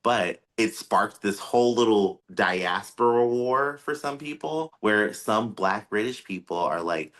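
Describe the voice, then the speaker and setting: Deep-voiced American man, animated chat. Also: a little slow, few pauses. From United States. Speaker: podcast co-host. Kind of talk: casual chat.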